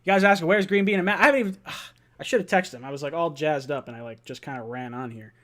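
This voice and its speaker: A young man hosting a live-stream call-in fan show, excited, laughing and often shouting. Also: on the high side, quick pace.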